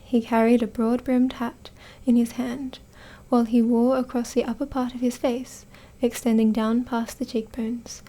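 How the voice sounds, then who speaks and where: Soft-whispering Australian woman narrating. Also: fairly high pitch. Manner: soft and careful, with small stumbles. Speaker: audiobook narrator in training.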